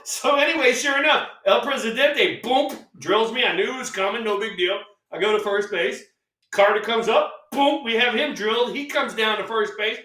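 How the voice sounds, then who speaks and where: This co-host, a retired baseball player, is an older man with a high-pitched voice who talks at normal speed. He tells stories animatedly, voicing the dialogue and cursing liberally in a relaxed chat. The mic sits far from him in a reverberant room.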